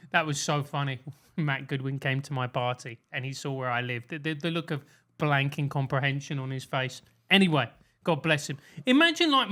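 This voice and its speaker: A man's voice: fairly high pitch, bright, forceful tone. A man co-hosting a podcast in casual comedic chat, rambling and laughing often. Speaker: podcast co-host.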